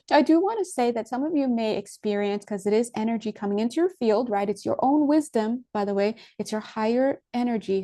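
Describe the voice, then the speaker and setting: A woman with a mellow, warm voice gives a loose, casual spiritual talk to her viewers. She rambles, trails off and restarts her sentences, and breaks into giggles often. Her pitch sits in an ordinary middle range. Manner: giggly, laughs often between phrases. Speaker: spiritual teacher.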